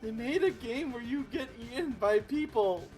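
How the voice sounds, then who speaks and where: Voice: animated, darkish tone, faint music behind, natural voice, poor audio. A player voicing a weepy, easily frightened childlike boy in a tabletop role-play, wailing and whimpering between words. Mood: sobbing. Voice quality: high, wailing, drawn-out.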